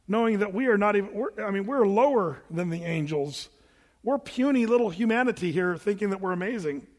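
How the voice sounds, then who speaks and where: A man's voice: high voice, big-room sound. A man preaching a Bible-teaching sermon in a conversational, plain-spoken way, with casual asides to the congregation. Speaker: pastor.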